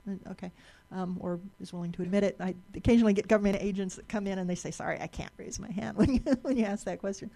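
Woman, live presentation, gravelly voice, middle pitch, chatty explaining, lots of restarts and repeated words, lecture room. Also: fairly even intonation, rapid-fire, few pauses, warm tone.

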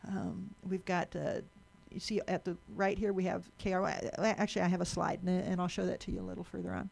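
A woman's voice: lowish voice, little pitch movement, fast talker, creaky, a little mellow. A woman giving a talk to a live audience, chatty, asking the room questions and often repeating and restarting words.

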